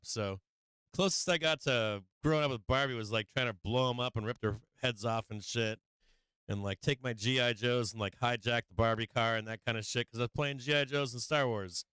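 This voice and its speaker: A man's voice: medium pitch, a bit bright, smooth, no echo. A man hosting a live stream, ranting casually with lots of swearing and frequent laughs. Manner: profane, laughing often, rambling.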